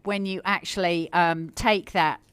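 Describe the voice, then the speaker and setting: A woman's voice: on the low side, steady tone, measured pace, a bit bright, clear, resonant tone, no echo. A woman hosting a cooking show, chatting in a bubbly, gushing way with lots of fillers and repeated words. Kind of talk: casual cooking show chat.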